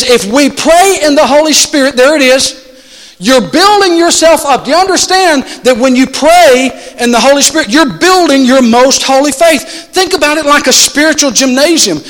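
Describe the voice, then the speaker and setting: Impassioned high-voiced preacher in a reverberant hall. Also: male voice. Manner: impassioned preaching, swinging between pleading shouts and soft intimate asides. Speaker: pastor. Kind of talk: sermon. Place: church sanctuary.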